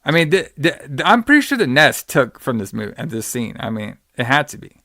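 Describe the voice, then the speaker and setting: A man chats loosely on a podcast, recapping a horror movie in slangy, rambling talk. His voice sits at an ordinary middle pitch. The sound is dry and close to the mic. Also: big pitch swings, fairly quick, sharp tone, dry recording. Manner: rambling, slangy, acts out quotes in exaggerated voices. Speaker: podcast host. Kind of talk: casual movie recap chat.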